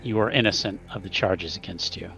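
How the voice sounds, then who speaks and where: A man's voice: low-pitched, a little fast, vocal fry, fairly bright tone, soft background music. A man playing a stern vampire prince. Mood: judging. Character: stern male vampire prince passing judgment. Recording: dull lo-fi recording.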